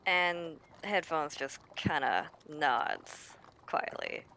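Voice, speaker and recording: A woman playing a tabletop game who narrates her character's actions in a soft, hesitant way. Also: deep voice, big pitch swings, drawn-out words, vocal fry, a little hiss or hum. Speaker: player. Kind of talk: in-character role-play narration.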